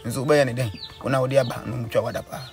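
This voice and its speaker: A man with a Ghanaian accent, a father answering an interviewer's questions about his family, with his words often trailing off low. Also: steady tone, rapid-fire, a little mellow, faint music behind. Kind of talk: interview answers in a rural setting.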